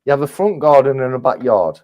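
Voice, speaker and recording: A man's voice: mid-range voice, animated, fairly quick, darkish tone. A man from England with an English accent that has some northern influence, chatting casually as a guest on a livestream panel, laughing often and restarting his sentences. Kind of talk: casual chat.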